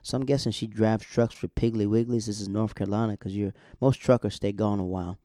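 Young male recap host, warm low-key voice, chatty and rambling, dry close sound. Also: steady tone, fairly quick, no echo. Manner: rambling, chatty, self-correcting asides. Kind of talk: casual episode recap.

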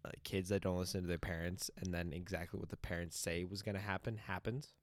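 A young man casually telling a funny story to a friend, animated and profane, often laughing. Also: low voice, fast talker.

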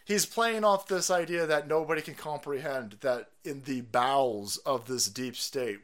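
A man's voice: a little high, a bit bright. A man, a streamer delivering a foul-mouthed, incredulous conspiracy rant.

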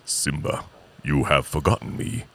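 A man putting on a grave lion king spirit, very low voice, slow and solemn, booming ghostly father. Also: expressive, creaky, slightly rough, full character voice.

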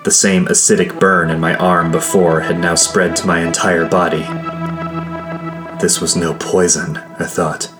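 A man with a very low voice telling a first-person adventure story at an unhurried pace. His delivery is measured and steady, with faint music playing underneath. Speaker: narrator.

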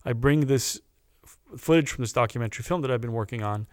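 A man's voice: medium pitch, fast, smooth, dry recording. Earnest man telling a story, dry sound. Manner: earnest, animated storyteller who re-voices the people he quotes. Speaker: podcast guest. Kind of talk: personal storytelling.

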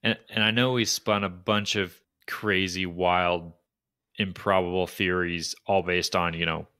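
A man's voice: low voice, steady tone, a little slow, sharp tone, clean tone, dry recording. A man co-hosting a podcast, talking through ideas in a thoughtful, hesitant way with frequent restarts. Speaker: podcast co-host. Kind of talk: casual book discussion.

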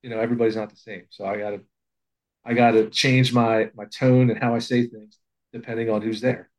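A man's voice: mid-range voice, little pitch movement, brisk, a little mellow, rough recording. A man who is a volunteer assistant fire chief, talking in a casual, plainspoken and humble way with frequent restarts. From Pennsylvania, USA. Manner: plainspoken, self-deprecating, many restarts. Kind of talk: casual podcast conversation.

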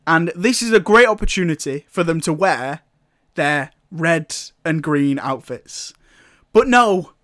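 A man with a slightly high voice recaps a film in a loose, rambling way. He sounds amused throughout, with dry sarcasm and laughter breaking in. The sound is close and dry, with no room around it. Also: a bit bright, dry recording. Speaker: film reviewer. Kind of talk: casual comic film recap.

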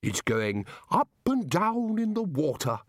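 A man voicing a dazed, muddled male wizard in a storybook reading, slow, dreamy and drawn out. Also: on the high side, very animated, dry recording, studio quality, voice pushed up, full character voice.

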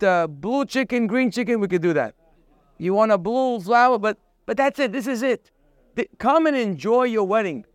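High, smooth-voiced man giving a Torah class. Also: no room sound, studio quality. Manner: animated, rhetorical questions, quotes Hebrew verses. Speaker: rabbi teaching a class.

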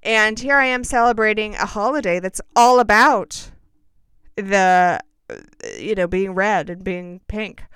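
A woman rambling through a personal story in a chatty, self-mocking way, tossing in dramatic asides. Her voice is smooth and clear, sits at a middle pitch, and is recorded close and dry with no room sound. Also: unhurried, fairly bright tone, no echo. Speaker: vlogger telling a personal story. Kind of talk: casual storytelling chat.

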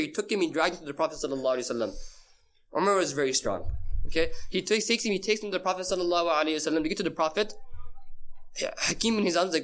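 A man's voice: a little high, racing, fairly bright tone. A man teaching a casual class, quizzing his listeners and repeating key phrases for emphasis. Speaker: Islamic teacher.

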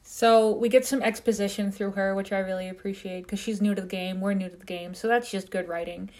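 A Midwestern-accented woman talks through a film's plot in a loose, jokey way. Her voice sits at an ordinary middle pitch for a woman, and she keeps the chat casual, like a podcast co-host among friends. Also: fairly even intonation, brisk, a little mellow. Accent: Midwestern American. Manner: chatty and joking, recapping the plot. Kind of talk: casual movie review chat.

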